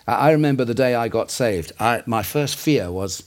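A man's voice: mid-range voice, lively intonation, brisk, few pauses. A man preaching a sermon in an earnest, conversational way, with asides and self-corrections.

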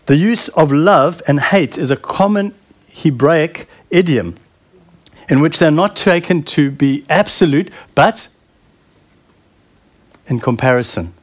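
A middle-aged man preaching a sermon in an earnest, heartfelt way, often pausing and repeating words. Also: a little high, animated.

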